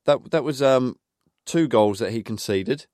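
A man's voice: mid-range voice, a little slow, a little mellow, no room sound, clean studio sound. A man co-hosting a casual football podcast, reminiscing in a rambling way with plenty of fillers. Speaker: podcast co-host.

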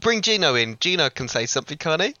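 A man's voice: on the high side, sing-song, fast talker, pushed and bright, no room sound. A young man hosting a comedy podcast with his father, teasing and laughing easily. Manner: giggly, teasing. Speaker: podcast host. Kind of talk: casual comedy podcast chat. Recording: dull dry recording.

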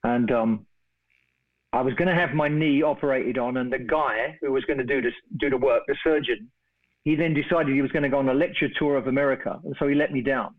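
A middle-aged English man spins a long, animated anecdote and slips into the voices of the people in his story. His voice comes through a narrow, tinny phone line. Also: mid-range voice, a little fast. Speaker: guest storyteller. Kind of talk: casual anecdote on a phone call.

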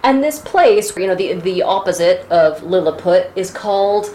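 An American woman co-hosts a podcast, swinging her pitch widely as she rants and swears. Her casual banter carries a roomy echo. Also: moderate pace, slight background noise. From United States. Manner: animated, profane, ranting. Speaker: podcast co-host. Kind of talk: casual chat.

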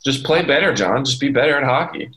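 A man of middle pitch co-hosts a relaxed sports podcast. He sounds eager and talkative, working through the details with plenty of "um"s and "like"s. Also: fast talker, poor audio. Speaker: podcast co-host. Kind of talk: casual podcast chat, sports analysis.

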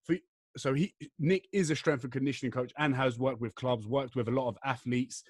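An English man in his young adult years hosts a casual podcast, talking in a loose, rambling way full of slang. His voice sits at an ordinary middle pitch. The recording is dry and close, with no room sound. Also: steady tone, brisk, dry recording. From England. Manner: chatty, rambling, slangy banter. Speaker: podcast host. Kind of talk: casual chat.

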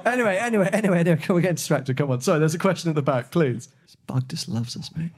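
A man's voice: on the high side, animated, racing, slight background noise. A man co-hosting a podcast in front of a live audience, telling stories and joking with a lot of laughter. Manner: chatty, laughing, jokey storytelling. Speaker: podcast co-host. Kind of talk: casual chat before a live audience.

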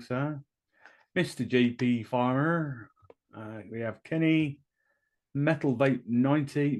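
A man co-hosting a livestream, running through the chat in a brisk, jokey roll-call. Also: mid-range voice, darkish tone. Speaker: co-host reading chat.

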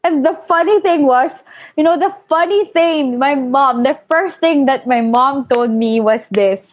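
Young woman, fairly high voice, chatty storytelling, lots of fillers, dull lo-fi sound, dry. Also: unhurried, dry recording. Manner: chatty, many fillers, animated quoting. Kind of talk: casual personal storytelling.

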